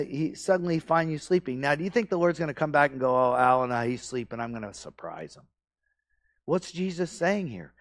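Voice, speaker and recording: A man's voice: fairly high pitch, no echo, clean studio sound. A middle-aged male pastor preaching a conversational sermon that builds into emphatic, repeated exhortations. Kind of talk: expository sermon. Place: church sanctuary.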